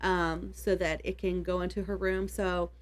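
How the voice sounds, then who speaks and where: A woman co-hosting a casual book podcast at home, easygoing and quick to laugh as she tells stories. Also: on the low side, flat delivery. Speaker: podcast co-host. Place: home basement.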